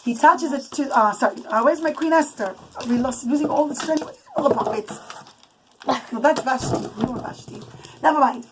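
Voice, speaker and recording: High-voiced woman telling a bedtime story. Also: background noise. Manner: warm storytelling with puppets, pausing to settle children.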